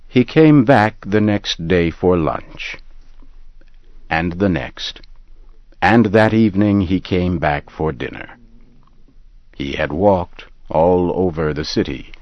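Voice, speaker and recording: Very deep, slow male story narrator. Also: no echo, muffled recording. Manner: measured, deliberate, low and calm. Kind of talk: slow scripted story reading.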